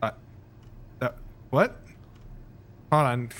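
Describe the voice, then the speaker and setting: A man's voice: medium pitch, expressive, extremely slow, fairly bright tone, a little hiss or hum. A man co-hosting a podcast, hesitant and dry in casual chat. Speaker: podcast co-host.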